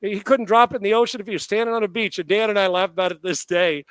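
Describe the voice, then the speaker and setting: Speaking quickly in a fairly high, clean-toned voice, a middle-aged man spins an animated story on a live sports show. He voices both parties in the exchange and curses liberally, and the audio is dry and close, without any room echo.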